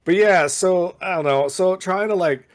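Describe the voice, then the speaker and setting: A man's voice: high voice, normal speed. A man co-hosting a podcast in casual chat, rambling and meandering with lots of fillers and restarts. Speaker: podcast co-host.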